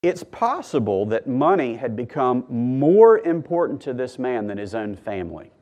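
A man's voice: medium pitch, big pitch swings, moderate pace, highs cut off. Man preaching, emphatic and earnest. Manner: earnest teaching with emphatic rises and hushed drops. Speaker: pastor. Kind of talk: sermon.

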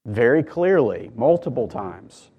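A man delivering a sermon from the pulpit of a church. His voice sits at a middle pitch, and he teaches earnestly, pushing key words hard and then dropping low and quiet to press a point. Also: big pitch swings, measured pace, slightly rough, muffled recording. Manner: earnest teaching with emphatic rises and hushed drops. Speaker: pastor.

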